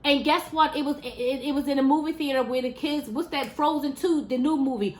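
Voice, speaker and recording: A woman's voice: sits high, fairly quick, few pauses. A woman vlogging to her viewers in a casual, exasperated monologue, repeating words and firing off rhetorical questions. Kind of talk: casual opinion monologue to camera. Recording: roomy echo.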